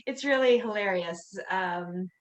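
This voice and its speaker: A woman's voice: medium pitch, unhurried. A woman co-hosting a casual podcast chat, playful and laughing through her lines. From United States. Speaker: podcast co-host.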